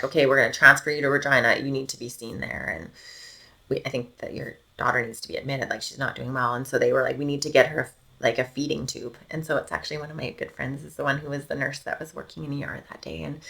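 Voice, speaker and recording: Low gravelly woman telling a hard story. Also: pushed and bright. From Canada. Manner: emotional, many "like" fillers, drops to near whispers. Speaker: podcast guest, mother. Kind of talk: casual storytelling interview.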